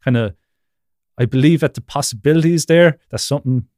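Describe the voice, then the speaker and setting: A man's voice: mid-range voice, a little fast, a little mellow, no echo, studio quality. A man as a guest on a video-call interview, rambling casually with lots of fillers and frequent laughs. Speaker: podcast guest.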